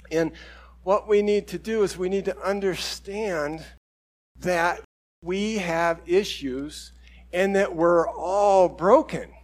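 A man preaching a conversational sermon, telling stories with quoted voices and self-deprecating humor. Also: high voice. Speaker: pastor.

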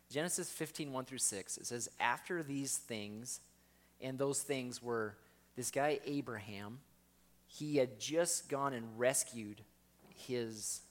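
A man preaching a sermon in a conversational way, often asking his listeners questions. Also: medium pitch.

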